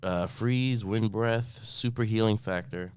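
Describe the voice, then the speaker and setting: A man's voice: lowish voice, unhurried, clean tone. Man reeling off facts on a podcast. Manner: lists facts in a relaxed, joking way. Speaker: podcast co-host. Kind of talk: casual podcast chat.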